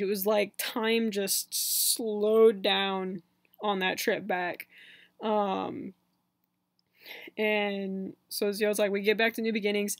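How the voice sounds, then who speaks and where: A man's voice: high-pitched, vocal fry, no echo. A young man telling a story on his vlog in a casual, chatty way, full of fillers and laughs. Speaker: vlogger.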